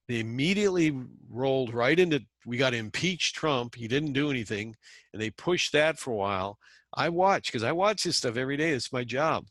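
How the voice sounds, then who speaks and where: Middle-aged man, casual rambling commentary, sarcastic asides, mid pitch, dry close sound. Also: a bit bright, no echo. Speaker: channel host.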